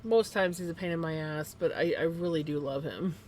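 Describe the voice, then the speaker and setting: A woman chatting casually on a crafting livestream, laughing often and cooing softly at her pet. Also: sits low, brisk, slight background noise. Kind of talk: casual chat.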